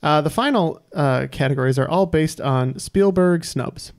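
A man hosting a podcast quiz, reading trivia questions in a measured way with dry asides. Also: fairly high pitch, a little mellow. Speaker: quiz host.

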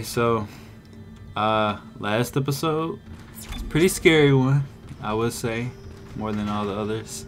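A man hosting a casual let's-play, reacting with jumpy, excitable exclamations. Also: fairly low pitch. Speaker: gaming video host.

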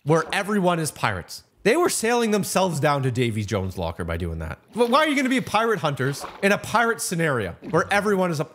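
A man's voice: on the high side, big pitch swings, fast, few pauses, a bit bright, a little hiss or hum. A man narrating a voiceover for a game video, rambling off script and talking to himself. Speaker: video host.

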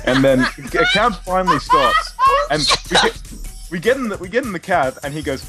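A man's voice: sits high, big pitch swings, moderate pace, loud music behind the voice. A young Australian man co-hosting a podcast, telling a story in a sweary, laughing way. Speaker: podcast co-host. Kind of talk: casual storytelling chat.

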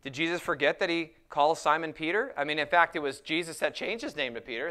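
Smooth-voiced man preaching a sermon. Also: fairly high pitch, bright, forceful tone. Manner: preaching with emphatic, slowed scripture quotes. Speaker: pastor.

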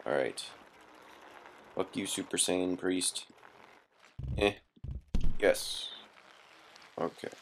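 A man's voice: sits low, drawn-out words, gravelly, long pauses, slight background noise. A young man giving casual gameplay commentary, swearing constantly and yelping in frustration.

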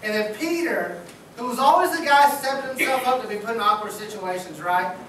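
Man preaching in a booming hall. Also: fairly quick, fairly bright tone, a little hiss or hum. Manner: casual, joking, talks like a buddy. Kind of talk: sermon. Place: church sanctuary. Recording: echoey church hall from far off.

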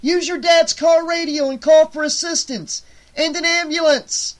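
A man voicing a young man who shouts urgent orders across a campsite in an audiobook reading. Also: extremely high pitch, fairly even intonation, unhurried, pitched above the performer's own voice.

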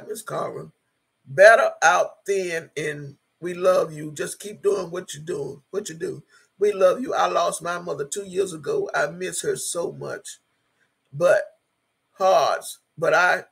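Gravelly, husky woman streamer. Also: lowish voice. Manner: blunt and emphatic, swears freely, switches into prayer. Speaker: YouTube live streamer. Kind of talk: casual livestream, reading chat comments aloud.

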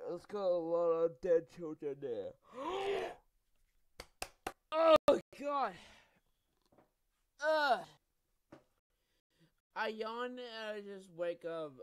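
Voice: medium pitch, clean tone. A gamer casually commenting on play, rambling, swearing often and phrasing things clumsily, on a slightly muffled lo-fi recording.

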